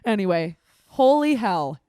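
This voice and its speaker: A woman's voice: mid-range voice, big pitch swings, a little slow, warm tone, no echo, clean studio sound. A woman in her twenties co-hosting a casual podcast, telling a story animatedly, acting out her own reactions and swearing freely. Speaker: podcast co-host.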